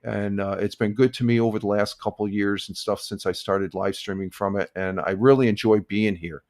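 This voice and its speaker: An older man hosting a casual morning live stream, talking in a rambling, halting way with many restarts and chuckles. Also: on the low side, fairly even intonation, a little mellow.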